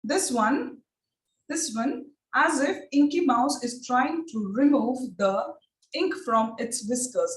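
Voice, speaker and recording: A woman training teachers in phonics. She speaks in an encouraging way and drills each sound slowly and repeatedly. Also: a little high. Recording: echoey room, distant mic.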